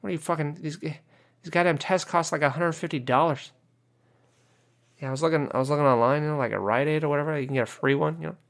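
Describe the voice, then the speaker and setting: A gravelly, fry-laced American man on a casual podcast rant, his voice sitting a little higher than most men's. He swears freely, leans on "you know" again and again, and sounds exasperated throughout. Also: fast talker. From United States. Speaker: podcast host.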